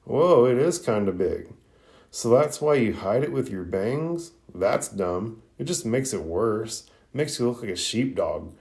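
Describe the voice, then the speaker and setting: A man's voice: mid-range voice, expressive, unhurried, a little mellow. A man voicing a brash, confident young girl ninja who teases and bosses her friend. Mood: bossy teasing. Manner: bossy, teasing, chest-out boldness.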